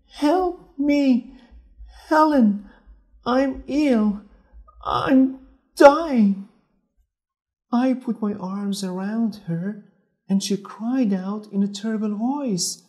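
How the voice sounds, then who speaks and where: A young woman reading a first-person story slowly and clearly for language learners. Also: medium pitch, darkish tone. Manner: slow, clear, careful reading. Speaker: narrator. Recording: faint music behind.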